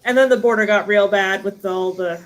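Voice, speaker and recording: A woman's voice: medium pitch, normal speed, poor audio. A woman from Southern California chatting casually about her family on a video call, sometimes mimicking relatives in a sing-song voice.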